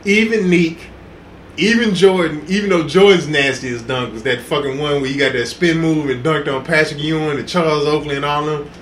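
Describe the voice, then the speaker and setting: A man on a podcast, telling excited sports stories in casual chat, acting out quotes and laughing loudly. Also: fairly high pitch, moderate pace. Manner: excitable storytelling, loud laughs and acted quotes. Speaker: podcast co-host. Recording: echoey room with faint hiss.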